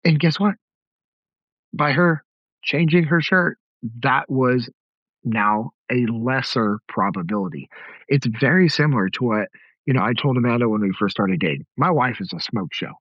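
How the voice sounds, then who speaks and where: A man's voice: medium pitch, animated, moderate pace, no room sound, dull audio. A middle-aged man hosting a podcast, telling stories in a direct, conversational way. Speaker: podcast host. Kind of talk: casual podcast talk.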